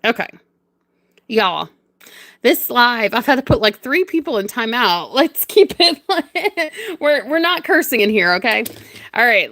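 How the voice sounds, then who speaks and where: A young woman with a high, bright voice chats bubbly and giggly while crafting on a livestream. She keeps thanking viewers by name in a casual, friendly rhythm.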